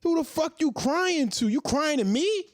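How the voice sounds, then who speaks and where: A man in his thirties rants straight into the mic, firing off profane rhetorical questions. His pitch swings widely as he heats up, and the sound is dry with no room echo. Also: lively intonation, a little slow. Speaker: commentary host. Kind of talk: ranting monologue.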